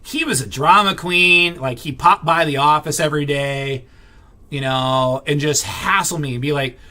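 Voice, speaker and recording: A man with a slightly high, bright voice talks at a normal pace in a forceful tone. He's venting casually to camera in a rambling vlog, blunt and irritated, full of fillers and restarts, with the occasional swear.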